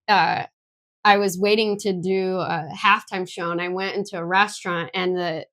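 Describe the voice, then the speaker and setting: A woman co-hosting a podcast, chatting casually and telling an animated story with plenty of swearing. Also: fairly low pitch. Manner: animated, swears freely, quick bursts of retold dialogue. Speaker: podcast co-host.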